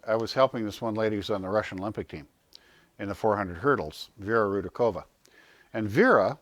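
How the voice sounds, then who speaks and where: A man with a somewhat low voice gives an informal health talk, his pitch rising and falling a lot as he tells stories. He asks himself questions and answers them. The sound is dry and close. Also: no echo. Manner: animated storyteller, acts out quotes in a raised voice.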